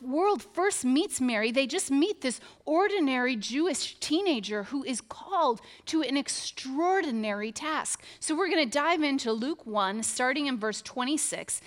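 A woman preaching a sermon, reading scripture aloud and telling it with humor and lively storytelling. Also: high voice.

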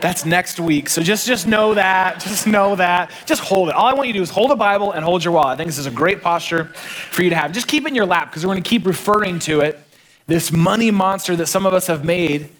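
A man's voice: sits high, brisk, fairly bright tone. A man, preaching a conversational sermon and telling family stories. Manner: conversational, storytelling, varied emphasis. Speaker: pastor.

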